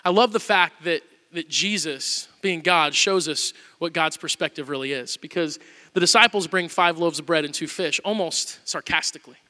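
A male pastor preaching a sermon, telling the story with animated storytelling and acting out the quotes. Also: on the high side, moderate pace, in a large hall.

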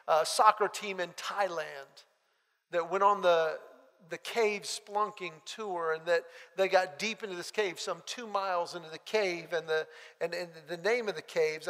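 A man with a high, light voice preaches to a congregation. He tells his story in a lively way and acts out each exchange. His voice rings with the long reverb of a large hall. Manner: animated storyteller acting out dialogue. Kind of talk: sermon with personal storytelling.

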